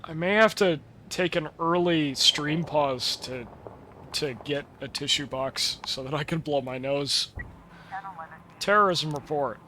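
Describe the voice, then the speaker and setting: A man's voice: a little high, a little slow, bright, forceful tone, a little hiss or hum. A young man with a stuffed-up nose giving rambling, wry, sweary commentary while he streams a game. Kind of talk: casual gameplay commentary.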